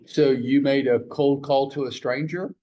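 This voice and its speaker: A man's voice: medium pitch, steady tone, a little slow, dark tone, muffled recording. A man leading a team training huddle, joking and teasing as he fires questions at the room. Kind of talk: live training talk to a room.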